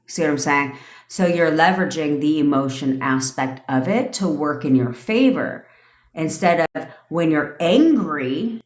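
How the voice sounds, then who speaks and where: Low-voiced, foul-mouthed woman ranting. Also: lively intonation, a little slow. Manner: blunt and profane, with lots of swearing. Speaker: manifestation coach. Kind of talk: casual livestream rant. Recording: echoey room.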